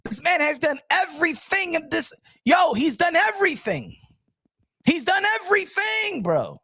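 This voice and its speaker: A man's voice: very high-pitched, very animated, moderate pace, gravelly, bright, forceful tone, dry recording. A man hosting a boxing talk show, ranting emphatically and switching between English and Spanish. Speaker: boxing channel host. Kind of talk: animated rant.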